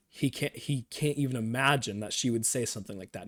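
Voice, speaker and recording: A man's voice: mid-range voice, moderate pace. A man streaming live, chatting casually and enthusiastically as he recaps and reacts to a TV episode. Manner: enthusiastic, rambling recap with quoted lines. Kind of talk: casual show discussion.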